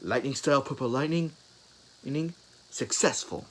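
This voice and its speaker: A man's voice: sits low, moderate pace, slight background noise. Naruto, a man voicing a cocky young ninja boy. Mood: smug. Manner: shouts technique names.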